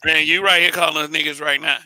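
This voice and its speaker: A man's voice: on the high side, fairly even intonation, fast talker, sharp tone, no echo, poor audio. A man hosting a casual political call-in show, blunt and profane, laughing often and stammering over repeated words. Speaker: show host.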